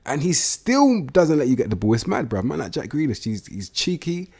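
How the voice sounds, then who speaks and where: A young man giving casual, slangy video game commentary, blunt and prone to excited outbursts. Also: fairly high pitch, moderate pace, husky. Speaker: gaming YouTuber.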